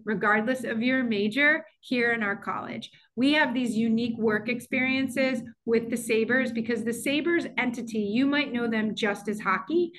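Fast-talking woman presenting online. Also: a little high, fairly bright tone. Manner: fast, chatty, lots of fillers and restarts. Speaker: college administrator presenting an info session. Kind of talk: online information session presentation.

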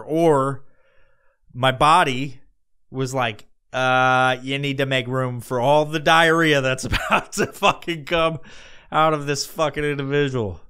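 A man's voice: a little high, clean tone. A man hosting a podcast, telling a comedic story casually, with lots of swearing and rambling asides. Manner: profane, rambling and animated. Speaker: podcast host.

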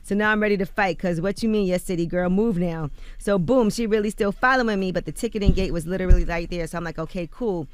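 A woman's voice: on the low side, fast, hardly any pauses, clear, resonant tone, dry recording. A woman co-hosting a morning radio show, reading celebrity news and quotes in a chatty way with loose fillers. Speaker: radio co-host reading the rumor report. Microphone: studio microphone.

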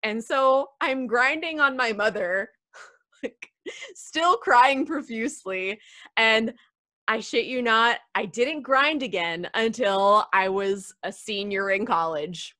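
A young woman, a wrestling interview guest, telling a lively personal story over a video call with laughs and voiced quotes. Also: fairly high pitch, slow pace. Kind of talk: casual storytelling.

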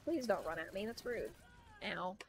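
A woman's voice: medium pitch, lively intonation, moderate pace, slightly rough. A young woman chatting casually and rambling while streaming a video game, laughing often. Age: young adult. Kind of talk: casual gaming stream chat.

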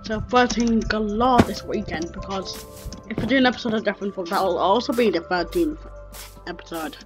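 A woman's voice: medium pitch, normal speed. A woman hosting a gaming channel, chatting casually while building and often trailing off mid-sentence. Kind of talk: casual gameplay commentary. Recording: dull lo-fi mic with faint music.

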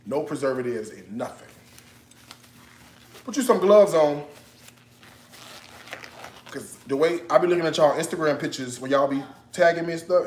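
A man's voice: fairly high pitch, roomy sound. A man hosting a casual cooking livestream, chatty and joking, breaking into laughter as he talks. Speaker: cooking show host.

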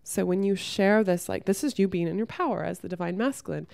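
A young woman talking frankly to camera, giving relationship advice and telling a story from her own life with lively acted-out quotes and some swearing. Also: on the low side, a little fast, creaky, no room sound. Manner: frank and blunt, swears freely; lively storyteller who acts out the people she quotes. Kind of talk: casual advice monologue with storytelling.

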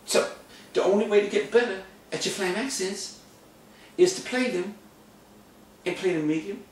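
The drum teacher has a high voice and a moderate pace, turning a casual lesson into comedy with silly, mock-boastful lines he keeps repeating. He's recorded from afar in a very echoey space, with faint background noise.

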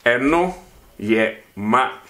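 A man's voice: medium pitch, expressive, sharp tone. A man teaching a vocabulary lesson, repeating each word and asking questions for the learner to answer. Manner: slow, repeats words and asks questions. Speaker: language teacher.

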